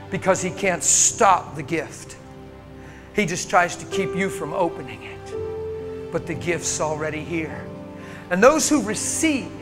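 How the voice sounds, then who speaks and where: American guy preaching in a church, kinda high voice, fired up then goes quiet, faint music under it. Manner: impassioned, swinging from loud urging to hushed. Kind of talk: sermon. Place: church sanctuary.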